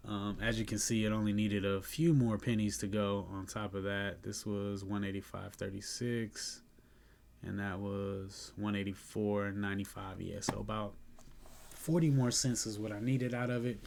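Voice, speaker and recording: A sleepy, yawning man casually talking through his day trades, relaxed and chatty, thinking aloud with fillers and soft laughs. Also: lowish voice, normal speed, gravelly, a little hiss or hum. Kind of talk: casual screen-recorded trade review.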